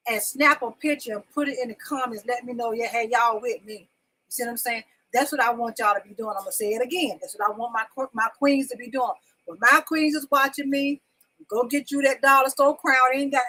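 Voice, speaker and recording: High bright-voiced woman hosting a livestream. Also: low-quality recording. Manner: chatty, repetitive call-outs to the audience. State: itchy from poison ivy. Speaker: livestream talk show host. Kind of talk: casual live-stream chat with viewers. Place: at home. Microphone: desk microphone.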